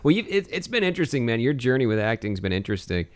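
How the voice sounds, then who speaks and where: A man's voice: mid-range voice, big pitch swings, racing. A man hosting an interview, joking and asking questions with hesitant fillers. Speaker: interview host. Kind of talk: casual interview chat.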